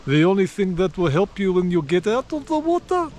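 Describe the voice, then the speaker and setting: A man putting on a gruff Russian old-timer. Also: sits high, brisk, crowd noise, pitched above the performer's own voice. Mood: deadpan. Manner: blunt, deadpan wisecracks. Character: older Russian man, gruff, fond of vodka.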